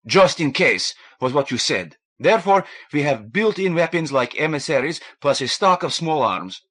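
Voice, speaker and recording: A man performs a big, bearded male gunner, pitching his voice above his natural range. The character's voice is fairly high and fairly bright, with big pitch swings at a normal speed, and he speaks bluntly and insistently.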